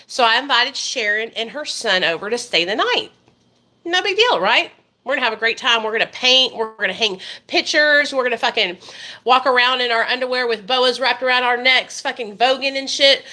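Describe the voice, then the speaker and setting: A woman's voice: high voice, expressive, normal speed, sharp tone. A woman, telling a story to her viewers in a profane, emphatic way. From Arkansas, USA. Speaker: vlogger. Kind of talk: casual storytime monologue.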